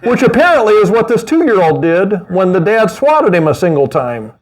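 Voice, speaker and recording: A middle-aged man preaching a sermon as pastor, animated, with mocking asides and laughter. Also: high voice, moderate pace.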